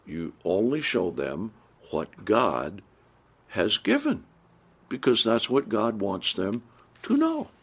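A man teaching a sermon, reading scripture aloud and explaining it, often checking in with the listeners and rising in pitch to stress points. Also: breathy edge. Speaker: preacher.

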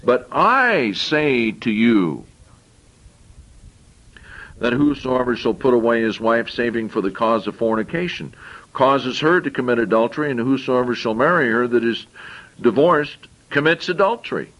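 A man's voice: medium pitch, normal speed, fairly bright tone, highs cut off. A man preaching a sermon. He reads scripture aloud and explains it in plain, conversational asides, often repeating and restarting phrases.

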